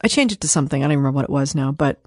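Female host, lower register, dry close recording; chatty self-mocking storyteller who rambles. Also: expressive, racing, darkish tone, no echo. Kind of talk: casual storytelling monologue.

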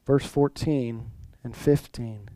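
A man's voice: medium pitch, steady tone, slow pace, mellow, no echo, low-quality recording. A male pastor preaching a sermon in a conversational way, full of restarts and rhetorical questions.

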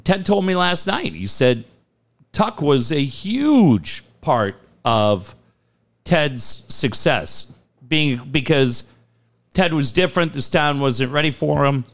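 Animated storytelling male radio host. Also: on the high side, slow. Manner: animated storyteller, acts out quotes; casual, swears freely. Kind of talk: casual radio chat.

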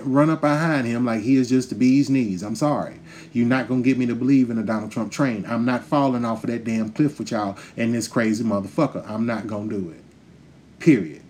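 A man's voice: medium pitch, quick pace, a little mellow, a little hiss or hum. A man hosting a podcast, delivering a heated, profane, emphatic rant straight to his listeners. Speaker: podcast host. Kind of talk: ranting monologue.

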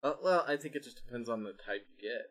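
In a casual podcast conversation, a young male co-host talks at a quick pace with a medium-pitched voice. His anecdotes come alive as he animatedly imitates the people in them.

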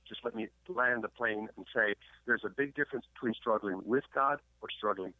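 Canadian-accented pastor phoning in, preachy, stumbles over repeats; thin phone line. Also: male voice, fairly low pitch, fairly quick, no echo. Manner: stammering repeats, preachy emphasis. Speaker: guest pastor and historian. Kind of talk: radio interview, sermon-like storytelling. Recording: tinny phone line, dry.

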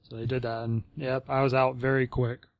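A man tells a story on a podcast in a relaxed, halting way, with many fillers between phrases. His voice is mid-pitched and plain. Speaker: podcast co-host, military veteran. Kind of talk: casual podcast chat.

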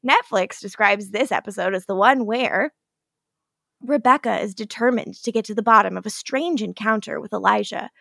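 A woman's voice: medium pitch, fairly bright tone, dry recording, clean studio sound. A woman co-hosting a podcast in casual chat, giggly and blunt, swearing freely. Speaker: podcast co-host.

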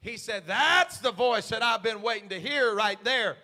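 A man pastor preaching a sermon, swinging from hushed asides to shouted, fiery passages. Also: very high-pitched, normal speed, hardly any pauses, long reverb tail.

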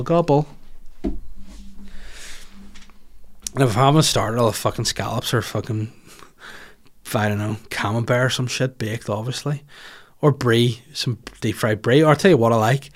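A comedian, rambling through listener questions in a crude, jokey podcast chat. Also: male voice, fairly low pitch.

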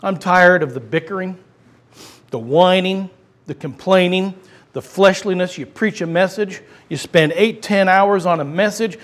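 Impassioned high-voiced male preacher. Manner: impassioned, swings from loud to hushed. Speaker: pastor. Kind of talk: sermon.

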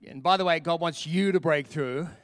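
A man preaching a sermon as pastor, emphatic and animated, repeating key lines for effect. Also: a little high, moderate pace, no echo, studio quality. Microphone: camera with a close mic.

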